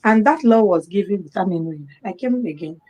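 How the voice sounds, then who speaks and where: On a live talk program, a middle-aged guest with a Nigerian accent shares a personal story in a medium-pitched voice, speaking a little quickly. She's lively throughout, acting out the quoted words of others.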